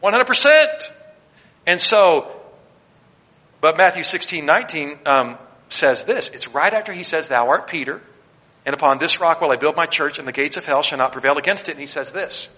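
A Baptist pastor preaching a sermon, swinging between loud declarations and quiet asides as he speaks straight to his congregation and points them to their notes. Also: a little high, expressive, normal speed. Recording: long hall reverb.

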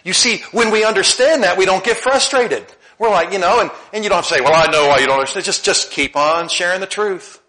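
A middle-aged male pastor preaching a sermon, swinging between loud emphatic lines and soft asides. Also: sits high, brisk, hardly any pauses.

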